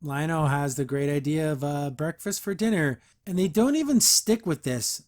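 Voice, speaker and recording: A man's voice: a little high, lively intonation, normal speed. A male podcast host giving a casual recap of a cartoon episode, breaking in with mocking, disbelieving asides. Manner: mocking, incredulous asides with chuckles.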